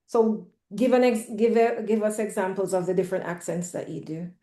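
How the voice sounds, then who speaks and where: A woman's voice: mid-range voice, fairly quick, mellow. Questioning woman host in echoey room. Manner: probing, repeats and rephrases questions. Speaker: interviewer host. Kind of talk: interview questions.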